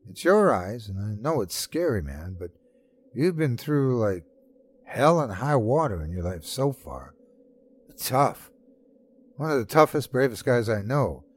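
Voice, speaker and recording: A man's voice: medium pitch, very animated, unhurried, slightly rough. A man doing a laid-back buddy, reassuring. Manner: casual, reassuring, slangy. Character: laid-back, loyal young male best friend.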